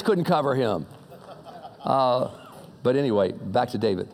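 A man preaching a sermon in a conversational way, dropping low to muse and rising to emphatic appeals, with casual slang and frequent restarts. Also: expressive, unhurried, gravelly, a little mellow. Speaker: pastor.

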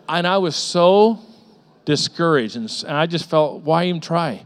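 Animated, higher-pitched male preacher. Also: moderate pace. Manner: animated storytelling with frequent repetitions and acted-out voices. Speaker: pastor. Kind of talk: sermon.

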